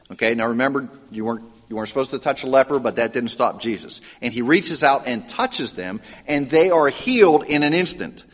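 A man preaching as a pastor, teaching in a conversational, animated way and acting out quoted lines. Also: medium pitch. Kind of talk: sermon. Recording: long hall reverb.

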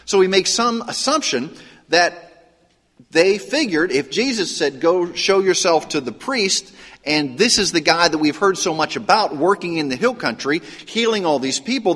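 A man preaching as a pastor, teaching in a conversational, animated way and acting out quoted lines. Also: on the high side, normal speed, husky. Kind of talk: sermon. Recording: long hall reverb.

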